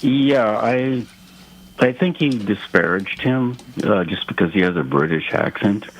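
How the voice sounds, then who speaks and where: A man calling a radio show, earnest and a little aggrieved, speaking haltingly. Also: fairly low pitch, animated, a little hiss or hum, poor audio. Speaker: caller.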